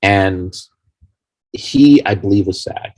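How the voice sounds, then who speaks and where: A man with a husky, fairly low voice tells rambling anecdotes as an interview guest. He talks casually and with animation, and his voice sounds dry and close to the mic. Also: slow, a little mellow, no echo. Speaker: fan film creator, interview guest.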